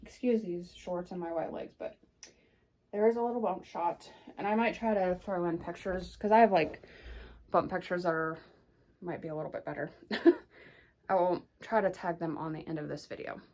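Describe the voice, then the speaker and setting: A woman's voice: fairly low pitch, normal speed, darkish tone. Rambling young woman, slightly breathless. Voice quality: rambling, filler-heavy with lots of "like". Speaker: vlogger. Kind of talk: casual pregnancy update vlog.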